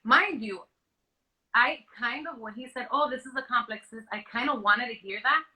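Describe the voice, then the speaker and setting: A woman's voice: a little high, moderate pace, bright, forceful tone, low-quality recording. A woman in an interview, earnestly telling her own story, often restarting her sentences and acting out what others said to her. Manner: frequent restarts and trailing off.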